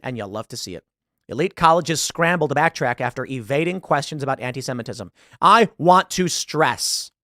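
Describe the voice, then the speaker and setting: A man's voice: a little high, a bit bright, no room sound, clean studio sound. A man giving emphatic online commentary, often repeating words as he pushes his points. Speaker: political commentator.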